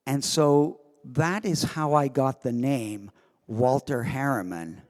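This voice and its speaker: Slow, animated man telling stories in a hall. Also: medium pitch. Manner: animated, self-amused storytelling. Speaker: guest of honor actor. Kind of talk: anecdote on a convention stage. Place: convention hall. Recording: long hall reverb.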